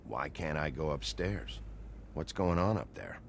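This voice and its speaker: Tough gruff game sheriff, very deep, gravelly, blunt questions, over game ambience. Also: male voice, animated, measured pace, slight background noise, exaggerated voice. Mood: probing. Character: gruff male sheriff detective, tough and weary. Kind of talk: video game acting.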